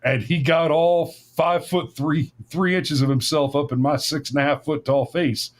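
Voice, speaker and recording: A man's voice: a little high, steady tone, moderate pace. A man hosting a talk show, telling a long casual story with frequent restarts, repeated words and swearing. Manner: rambling, profane, many restarts and self-corrections. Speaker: podcast host.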